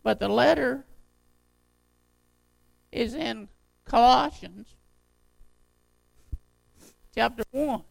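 An older man preaching a sermon to his church in a folksy, conversational way, his voice unsteady and jumping in pitch. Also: very slow, creaky, long pauses, no room sound, low-quality recording. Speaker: pastor.

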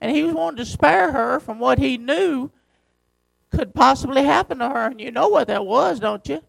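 A man pastor preaching a sermon, reading scripture slowly and driving his points home with emphasis. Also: very high-pitched, animated, gravelly, slightly rough, dry recording, low-quality recording.

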